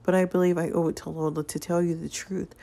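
A woman's voice: lowish voice, flat delivery, fast, gravelly, dark tone. A woman voicing an earnest young man in a story game, speaking frankly and confronting an adult.

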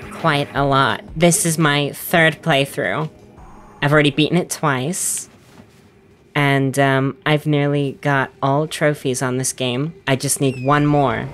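A woman with a low voice ambles through casual gameplay commentary, slow and unhurried. She rambles, laughs at herself and downplays her own attempts. Faint game music plays underneath. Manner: rambling, self-deprecating, giggly. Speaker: gaming video host.

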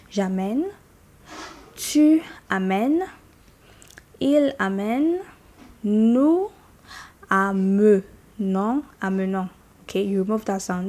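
A woman talks through a grammar lesson at a very unhurried pace, drilling each form aloud one by one. Her voice sits at an ordinary middle pitch, and she keeps stopping to check that her listener is following. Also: a little mellow. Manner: slow and deliberate, repeats conjugations aloud, checks in with "okay?". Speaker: French teacher. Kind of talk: explaining grammar, slow drill-style lesson.

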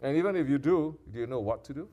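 Man, preacher, quiet then forceful, scolding, Arabic devotional phrases, lively pitch. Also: quick pace, muffled recording. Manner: swings from soft intimate talk to loud scolding. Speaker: sheikh. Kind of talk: sermon.

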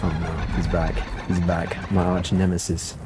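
A man's voice: low voice, level tone, measured pace. A young man chatting playfully through a gaming livestream and answering his viewers' chat aloud. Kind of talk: casual livestream commentary.

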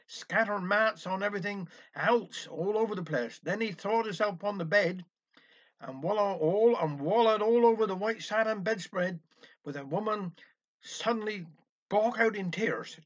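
Brief: man, high voice, folksy dialect storytelling, dull lo-fi recording. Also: fairly bright tone. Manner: chatty folksy narration with old sayings.

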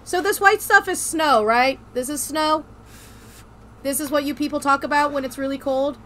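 A young woman playing a horror game on stream, joking, animated and swearing freely. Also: sits high, normal speed, slight background noise. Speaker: gaming streamer. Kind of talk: casual let's play commentary.

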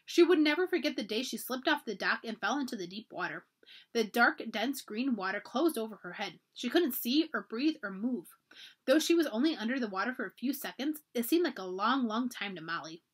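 A librarian reads a children's chapter book aloud, her pitch a little high and very lively. She tells the story expressively, like a read-aloud for young listeners. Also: fairly quick, breathy edge.

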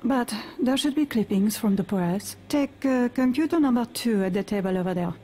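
A woman voicing a formal, mellow librarian. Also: a little high, lively intonation, moderate pace, slight background noise, close to an everyday voice. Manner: formal and courteous. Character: polite female French librarian, formal and helpful.

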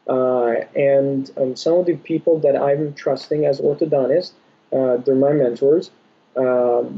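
Dark husky young man explaining patiently. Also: medium pitch. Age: young adult. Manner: measured, explanatory, many "uh" pauses. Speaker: orthodontist guest. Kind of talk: podcast interview answers. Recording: dull lo-fi audio.

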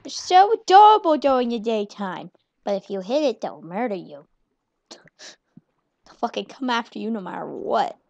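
A woman's voice: on the high side, sing-song, normal speed, gravelly, long pauses, a little mellow, no room sound. A young woman giving casual gameplay commentary as a channel host, rambling, swearing freely and joking at her own expense. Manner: profane, rambling, self-mocking. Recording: muffled lo-fi home recording.

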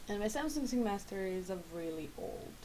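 This gaming vlogger in her late twenties has just rolled out of bed and is chatting casually at home, drifting and correcting herself as she goes. Her medium-pitched, mellow voice is animated and fairly quick, on a low-quality recording with a little hiss or hum.

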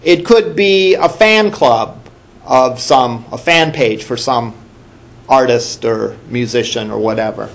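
A man's voice: medium pitch, slow, creaky. A male college instructor giving a classroom lecture in a conversational way, asking the class questions and repeating the students' answers.

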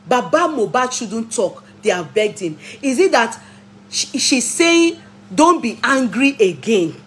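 A Nigerian woman giving opinionated vlog commentary, arguing, throwing out rhetorical questions and scolding commenters, recorded on a phone. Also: sits high. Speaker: vlogger and commentator.

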